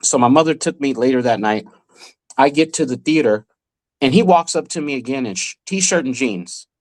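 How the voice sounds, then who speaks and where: A man, a magician, telling a lively story in a podcast interview and acting out the people he quotes. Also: medium pitch, moderate pace. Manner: animated storyteller who acts out the people he quotes. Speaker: magician guest.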